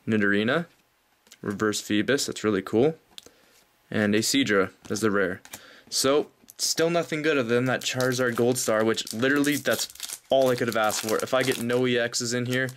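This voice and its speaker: Excited young man opening card packs. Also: medium pitch. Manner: excited, breathless exclamations. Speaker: card pack opener. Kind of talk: casual vlog pack opening. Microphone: off-camera voice, hands at table.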